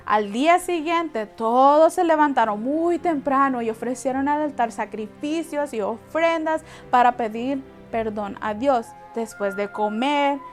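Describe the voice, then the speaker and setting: A woman retelling a Bible story for children in a lively, chatty way, talking straight to her young audience. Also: high-pitched.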